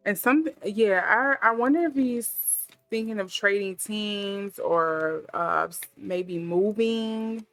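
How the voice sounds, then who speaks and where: A woman's voice: mid-range voice, slow, no echo. A woman giving a casual intuitive tarot reading, musing aloud with many fillers as she thinks. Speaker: tarot reader.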